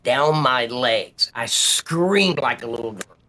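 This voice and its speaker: A police officer speaking as a guest on a live stream, telling a personal story in a vivid, blunt way with some swearing. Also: male voice, medium pitch, animated, takes it slowly, bright, forceful tone.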